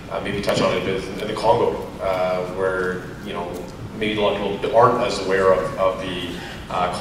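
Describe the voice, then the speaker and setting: A man hosting a radio interview, asking questions hesitantly with lots of fillers. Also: low voice. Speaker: radio host. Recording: echoey room, far from mic, hiss.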